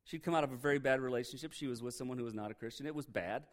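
A male pastor with a medium-pitched voice races through a Bible passage in a conversational sermon. He jokes, stays animated, and throws in sarcastic asides.

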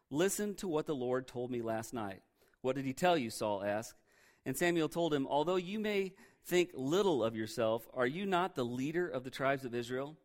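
A man preaching a sermon, reading scripture aloud and retelling it in a conversational, animated way with joking asides. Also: a little high. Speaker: pastor.

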